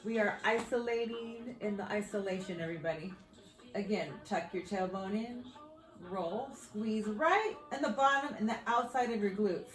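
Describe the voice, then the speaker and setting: A woman's voice: medium pitch, moderate pace, reverberant, soft background music, low-quality recording. A woman fitness coach leading a floor workout, upbeat and whooping as she exercises along, slightly out of breath. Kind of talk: workout instruction.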